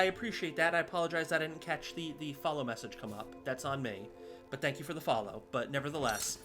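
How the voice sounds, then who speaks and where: A man's voice: medium pitch, a little fast, pushed and bright. A man streaming a game live, chatting casually and scattered with viewers, swearing now and then. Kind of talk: casual gameplay commentary. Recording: music playing behind.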